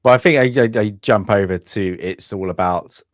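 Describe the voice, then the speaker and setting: A man's voice: on the low side, normal speed, dry recording. Rambling man, dry sound. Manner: rambling, many restarts and fillers, blunt. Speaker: film review co-host. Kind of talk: casual chat.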